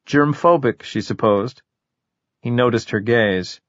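A man narrating a crime novel audiobook in a measured, even storytelling manner. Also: medium pitch, no echo, highs cut off. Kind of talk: scripted narration.

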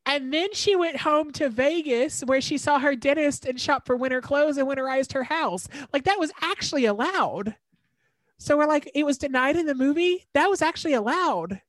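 A woman's voice: high-pitched, moderate pace, no room sound. Woman co-host, casual storyteller, lots of ums, dry recording. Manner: storytelling with many fillers and restarts. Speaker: podcast co-host. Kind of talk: casual chat.

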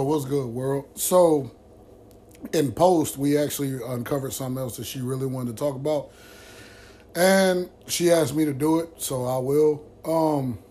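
A man's voice: mid-range voice, dark tone, a little hiss or hum. A man hosting a vlog who tells a friend's story to the camera in a blunt, heated way, with constant swearing. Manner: blunt, heavily profane and heated.

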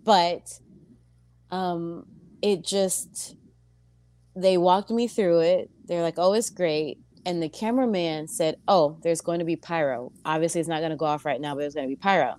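A woman's voice: normal speed, dry recording. A woman who wrestles and sings, a guest on an interview show, telling stories casually and acting out other people's voices. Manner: animated, acts out voices with big pitch jumps. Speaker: pro wrestler and singer, guest.

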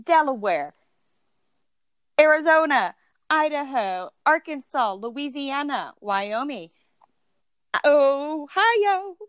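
A woman co-hosting a casual podcast, playful and quick to laugh. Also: high-pitched, no room sound. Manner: playful, laughs often, animated. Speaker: podcast co-host. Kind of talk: casual chat.

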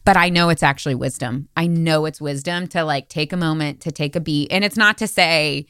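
A woman host with a low voice, talking earnestly and thoughtfully in a relaxed interview. Her words come close and dry, with no room sound. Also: brisk, clear, resonant tone, no echo. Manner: reflective, earnest, affirming murmurs. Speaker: podcast host. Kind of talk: casual conversational interview.

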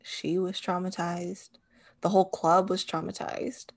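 A woman's voice: lowish voice, flat delivery, unhurried, gravelly. A young woman co-hosting a podcast in casual chat, laughing and chiming in with reactions. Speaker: podcast co-host.

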